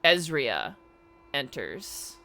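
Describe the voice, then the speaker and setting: A man narrating as dungeon master in a tabletop game, telling the story in an animated way and giving the characters voices. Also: medium pitch, extremely slow, creaky.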